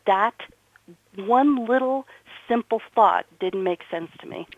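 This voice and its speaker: A woman's voice: a little high, takes it slowly, no room sound. A middle-aged woman from New Jersey, a guest and author, telling her story earnestly and with emphasis in an interview. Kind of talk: conversational interview. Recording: dull, muffled audio.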